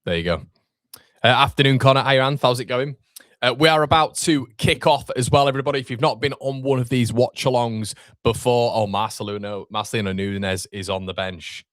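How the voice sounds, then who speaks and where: A man's voice: mid-range voice, fairly quick, fairly bright tone, no room sound, studio quality. A young man with a Yorkshire accent hosting a live football watchalong, reading viewer comments aloud and bantering casually. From Northern England.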